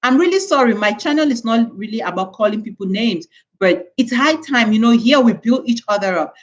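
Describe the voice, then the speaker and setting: A woman's voice: fairly high pitch, expressive, brisk, highs cut off. A woman from Cameroon hosting a live stream, lecturing her viewers in an emphatic way and repeating words for stress. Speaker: channel host.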